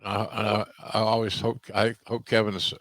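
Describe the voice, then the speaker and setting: An older man hosting a podcast, talking casually about wrestling in a halting way with many restarts and slow, emphatic phrases. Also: on the low side, flat delivery, fairly bright tone, no echo. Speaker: podcast host, wrestling commentator.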